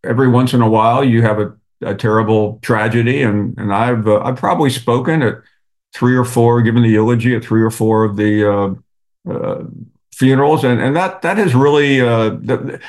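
A man, a radio host speaking as a podcast guest, talking in a reflective, halting way with many restarts. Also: medium pitch, a little mellow. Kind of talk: conversational interview.

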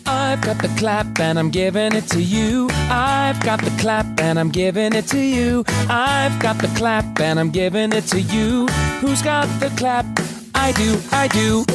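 A man's voice: sits high, expressive, unhurried. A man playing a bouncy children's-show singer in a parody sketch, singing a clapping song in a singsong way. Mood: chirpy. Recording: played clip over loud music.

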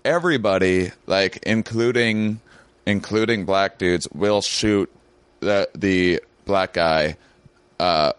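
Male comedian guest, low and smooth, relaxed explainer, swears easily; dry sound. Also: slow, no echo. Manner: laid-back, explanatory, swears freely. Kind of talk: casual chat.

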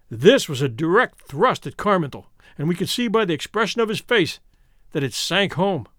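A man's voice: moderate pace, no room sound, studio quality. A man narrating an adventure story in the first person, reading expressively. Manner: expressive reading with lively pitch. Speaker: audiobook narrator.

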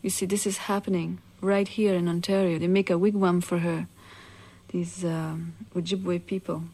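A woman with a fairly low voice tells an old legend aloud. She takes her time and speaks casually, breaking in with little asides to her listeners. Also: little pitch movement, dark tone. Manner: unhurried, conversational, frequent "you see" asides. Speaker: storyteller. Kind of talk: oral legend telling.

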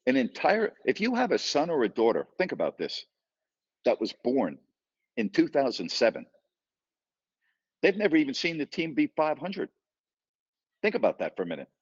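A man's voice: medium pitch, breathy edge, dry recording. A man hosting a sports talk radio show, ranting emphatically and taking callers. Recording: dull lo-fi sound.

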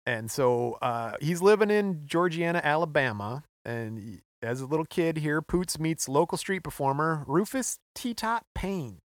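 A man's voice: on the high side, animated, unhurried, hardly any pauses, dry recording, studio quality. A man co-hosting a podcast, retelling a story in an offhand, joking way. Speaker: podcast co-host. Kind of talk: casual chat.

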